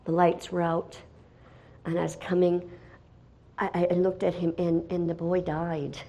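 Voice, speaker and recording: A middle-aged woman shares her missionary testimony aloud, narrating with drama and shifting from hushed passages to loud, excited outbursts. Her voice is fairly low and her pace measured.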